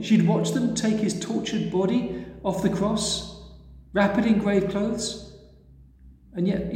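Slow, mellow male preacher in an echoey hall. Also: high-pitched. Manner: slow, gentle and expressive. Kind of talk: sermon storytelling.

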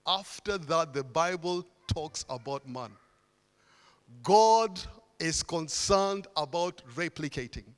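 A man's voice: a little high, takes it slowly, smooth. A man preaching a sermon in earnest tones, building emphasis through repeated phrases. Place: church hall. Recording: long hall reverb.

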